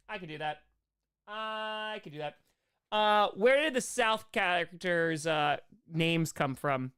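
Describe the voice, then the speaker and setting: A young man hosts a casual live stream in a chatty, rambling way. He gets excited easily. His voice is smooth and clear, and the recording is close and dry with no room sound. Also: high-pitched, no room sound.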